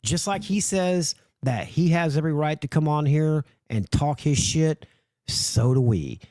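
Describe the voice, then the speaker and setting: A man's voice: on the high side, animated, unhurried, dark tone, no echo, clean studio sound. A man hosting a livestream, ranting in a profane, mocking and heated way. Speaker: livestream host.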